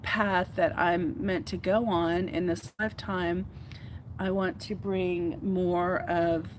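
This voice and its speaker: A woman's voice: on the low side, a little hiss or hum, rough recording. A woman from Houston, hosting her own podcast and talking earnestly to camera in a heartfelt, rambling way. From Houston, Texas. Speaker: podcast host. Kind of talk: casual solo talk to camera.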